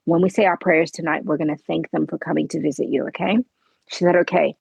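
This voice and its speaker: A woman's voice: low voice, fairly even intonation, fast talker, creaky, a little mellow, slightly rough, dry recording, poor audio. A middle-aged woman, a podcast guest telling her story earnestly in conversation and acting out the dialogue. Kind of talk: conversational interview.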